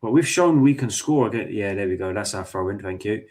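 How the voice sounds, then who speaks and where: Man, lowish pitch, live match watch-along, excitable, swears a lot, talks to players and ref. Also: a little fast, few pauses. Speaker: football fan streamer.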